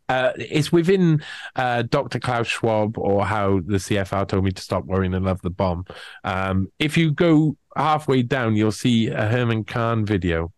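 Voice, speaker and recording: A man talking casually as a podcast guest, rambling and animated, with many restarts. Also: mid-range voice, no room sound. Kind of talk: casual conversational chat.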